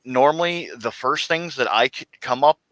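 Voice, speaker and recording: A man, a security officer, telling stories in an animated way in a casual chat. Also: mid-range voice, normal speed, no room sound, poor audio. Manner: animated storyteller.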